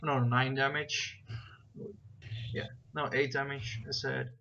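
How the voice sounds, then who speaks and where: A man's voice: mid-range voice, flat delivery, slow, creaky, pushed and bright. A man narrating as game master, rambling with many fillers and checking rules aloud as he goes. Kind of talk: narrating a tabletop game over voice chat. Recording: dull, lo-fi voice chat with faint noise.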